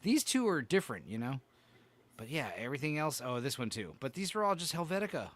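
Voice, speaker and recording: A man's voice: mid-range voice, big pitch swings, fast, fairly bright tone, no echo. A man hosting a casual podcast chat, swearing freely and reacting offhand to what he's looking at. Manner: profane, offhand, reacting to logos. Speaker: podcast host.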